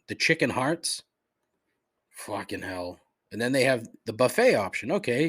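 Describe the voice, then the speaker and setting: A man's voice: medium pitch, a bit bright, slightly rough. A man hosting a solo podcast, reading off a menu and ranting with plenty of swearing. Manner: profane, exasperated ranting. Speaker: podcast host. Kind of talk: solo comedic complaint podcast.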